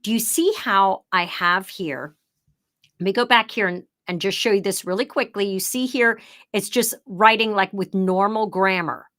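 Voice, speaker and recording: A woman's voice: mid-range voice, normal speed, fairly bright tone. A middle-aged woman presenting a live online workshop, explaining things in a chatty way and showing her points as she goes. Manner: drops into emphatic, broadcaster-style read when showing the script.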